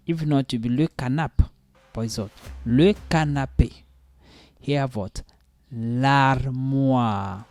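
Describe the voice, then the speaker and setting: A man teaching French vocabulary online, slowly repeating each word and often asking learners whether they understand. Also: on the high side, mellow, no echo. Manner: slow, drawn-out repetition of each word; keeps checking in with learners.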